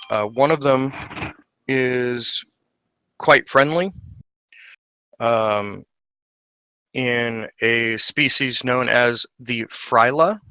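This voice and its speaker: Hesitant game master, gravelly and bright. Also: male voice, mid-range voice, dry recording. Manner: rambling, hesitant with many fillers. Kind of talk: narrating a tabletop game in character.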